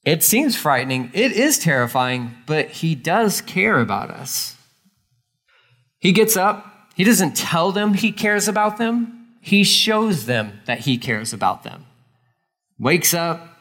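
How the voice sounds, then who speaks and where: A man's voice: a little high, sing-song, a little slow, a bit bright. A man giving a sermon as a pastor, casual and emphatic, repeating key lines for weight.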